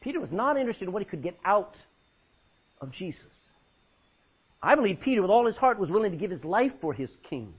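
A high-voiced man preaches with a husky edge, his pitch leaping and falling as he acts out scripture scenes. He breaks into laughs and drops low for emphasis. The recording sounds dull and lo-fi. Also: fairly quick, pauses often. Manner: animated, acts out Bible scenes with laughs and dramatic drops in volume. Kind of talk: sermon.

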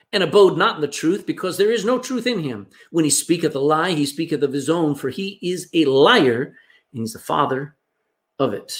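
A male pastor delivers a sermon with a slightly high voice. His pitch leaps and falls in lively swings, and he moves from forceful emphasis to hushed, near-whispered asides. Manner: animated preaching, swings between loud emphasis and hushed asides.

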